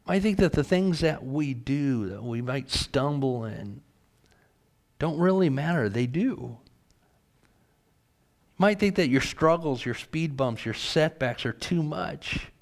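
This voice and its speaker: A man's voice: on the high side, lively intonation, slow. A man preaching a sermon, reading scripture aloud and asking earnest rhetorical questions.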